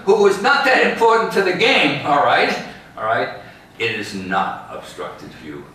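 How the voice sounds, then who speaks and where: A man's voice: medium pitch, lively intonation, a little slow, pushed and bright. Echoey, distant man leading a ballpark tour. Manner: storytelling, tags lines with "all right?" and "okay?". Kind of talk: guided tour talk. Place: outdoors in a large ballpark. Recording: very echoey, distant mic, faint background noise.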